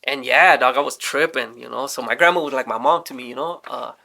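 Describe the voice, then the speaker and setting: A young man casually telling a story, animated and swearing often as he acts out what people said. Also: medium pitch, brisk, gravelly. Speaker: storyteller guest.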